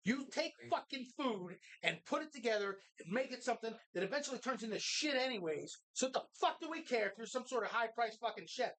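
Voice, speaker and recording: A co-host on a live talk show recorded in a bar, swearing constantly while retelling a movie in animated detail. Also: mid-range voice, brisk, hardly any pauses. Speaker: podcast co-host.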